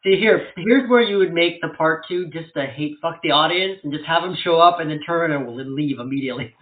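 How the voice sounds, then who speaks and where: A man co-hosting a casual podcast chat, speaking bluntly and profanely in a relaxed way. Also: a little high, fairly quick. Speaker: podcast co-host. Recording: echoey room over a phone-like line.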